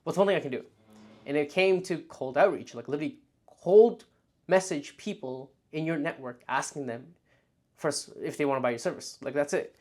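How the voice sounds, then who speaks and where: A young man talking casually to camera as a vlog host, telling animated stories and acting out his past thoughts, with lots of "like.". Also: on the high side, normal speed. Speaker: freelance marketer and video host.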